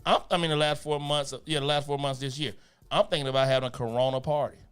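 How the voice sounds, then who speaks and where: A man's voice: mid-range voice, steady tone, fast, clean tone. A man co-hosting a podcast, opinionated and cursing freely in casual banter. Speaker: podcast co-host. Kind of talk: casual profane talk-show banter.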